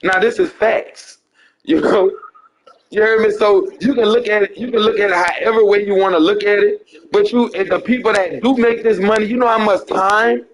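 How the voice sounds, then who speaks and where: A man's voice: high-pitched, rough recording. A man preaching to a caller, repeating himself in a pleading, insistent way.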